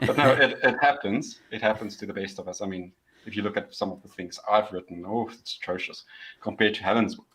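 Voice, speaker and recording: A man with a fairly low voice and a bright, forceful edge, talking casually on a podcast. He laughs often and doubles his words as he gets going. His tone is loose and conversational. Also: a little fast, slightly rough, poor audio. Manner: laughs often, repeats words when starting. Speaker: podcast co-host. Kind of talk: casual chat.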